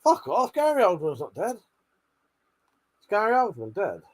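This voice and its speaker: A man with a high voice that swings widely runs a casual late-night livestream. He swears freely, laughs often and bickers with viewers about who is right. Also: huge pitch swings, normal speed. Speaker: livestream host.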